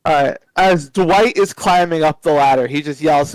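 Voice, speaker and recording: A man's voice: fairly high pitch, moderate pace, no room sound, low-quality recording. A man narrating a tabletop game as game master in a hesitant, casual way.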